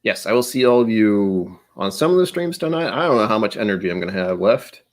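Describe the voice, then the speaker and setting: A man hosts a live stream in a casual, rambling way, sounding tired and self-deprecating as he greets viewers by name. His fairly quick voice is on the low side with big swings in pitch.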